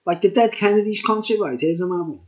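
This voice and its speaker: A man's voice: high-pitched, quick pace. Rambling tipsy man, lo-fi. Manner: rambling, tipsy, chuckling, says "like" a lot. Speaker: beer reviewer. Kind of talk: rambling casual chat.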